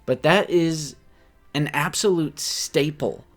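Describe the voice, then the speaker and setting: A man in his late twenties co-hosting a casual collector podcast, talking in an animated, joking way. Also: fairly high pitch, slow, faint music behind. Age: 20s. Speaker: podcast co-host. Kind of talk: casual chat.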